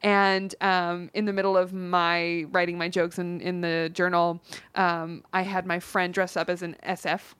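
A woman comedian chatting as a podcast guest, telling lively stories, swearing and laughing often. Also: lowish voice, measured pace, clean tone, no room sound. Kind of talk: casual podcast chat.

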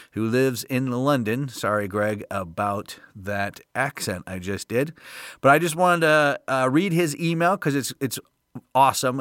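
A man's voice: medium pitch, fairly bright tone, clean tone, no echo, clean studio sound. A man hosting a podcast on his own, talking casually in an upbeat, jokey way with loose fillers. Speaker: podcast host. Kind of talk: casual solo podcast talk.

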